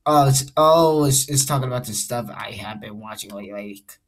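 A man's voice: medium pitch, fairly quick. Rambling young man vlogging at home. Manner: rambling, hesitant, many restarts. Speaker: channel host. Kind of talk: casual vlog chat.

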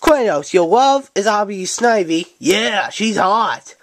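An impatient, bossy cat hosts his own show, played by a woman. He speaks slowly, and his pitch leaps all over as he sasses his guests. The sound is dry and close, taken on a small home camcorder. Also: lively intonation, no echo. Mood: brisk. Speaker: talk show host. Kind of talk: playful toy-show role-play. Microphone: handheld camcorder mic.

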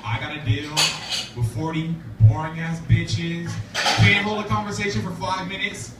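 A man's voice: a little high, steady tone, a little slow. A man doing a stand-up comedy set at an open mic, talking loosely and profanely with many fillers. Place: laundromat café venue. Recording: roomy, distant, noisy live recording. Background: audience laughter and room chatter.

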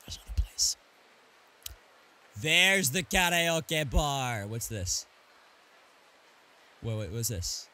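Lively, bright-voiced man streaming a game. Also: mid-range voice, slow, long pauses. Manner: chatty, reads item names aloud, jokes at the game. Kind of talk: casual gameplay commentary.

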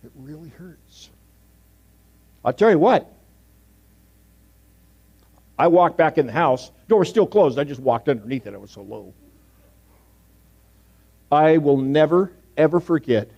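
Storytelling pastor with dramatic hushed asides. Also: male voice, a little high, lively intonation, unhurried, pauses often, breathy edge, highs cut off. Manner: storytelling, swings from loud emphasis to hushed asides. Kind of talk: sermon. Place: church sanctuary.

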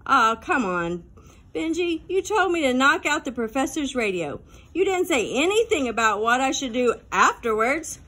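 A woman's voice: high-pitched, very animated, moderate pace, a bit bright, heavily acted. A woman reading an audiobook, voicing a cheeky fifth-grade boy who jokes his way through trouble. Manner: cheeky and playful.

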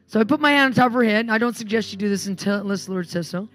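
Racing along with hardly any pauses, this slightly high-voiced woman preaches at a live church service over faint music. She's an emphatic, animated storyteller sharing healing accounts, then prays with commanding force.

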